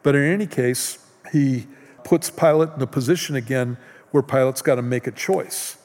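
A man preaching a sermon as a pastor, talking slowly and earnestly, with restarts. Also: medium pitch, a little mellow. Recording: church hall reverb.

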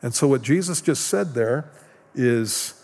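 A man's voice: medium pitch, lively intonation, a little mellow. Male pastor, earnest sermon delivery, mid voice, church hall reverb. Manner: slow, earnest preaching with restarts.

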